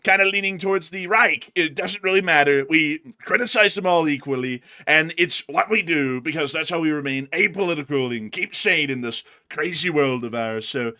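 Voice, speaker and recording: Rambling bright-voiced male host. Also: a little high, normal speed, hardly any pauses. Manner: rambling, filler-heavy, stammers. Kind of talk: casual chat.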